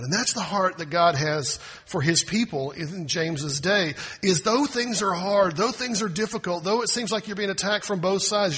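A bright, higher-pitched man with a husky edge delivers a sermon in a conversational way. He throws rhetorical questions at the congregation and slips into quoted voices to make his point. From United States. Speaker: pastor.

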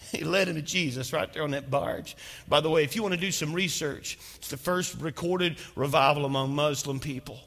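A man preaches a sermon in a big sanctuary, his voice bright and pressing. He tells a testimony with dramatic storytelling. His words ring out with a long hall reverb. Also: fairly high pitch, normal speed, creaky. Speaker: pastor.

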